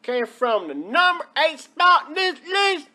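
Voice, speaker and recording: A man's voice: very high voice, big pitch swings, measured pace, pushed and bright. A man hosting a comedic countdown, talking in a rambling, folksy, exaggerated drawl. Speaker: host of a countdown video.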